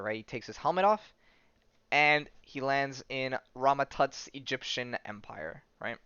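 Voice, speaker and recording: Chatty man hosting a podcast, smooth voice. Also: medium pitch, a bit bright, no room sound, lo-fi sound. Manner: loose and chatty, many fillers, tag questions and swearing. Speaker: podcast host. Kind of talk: casual podcast monologue retelling a comic story.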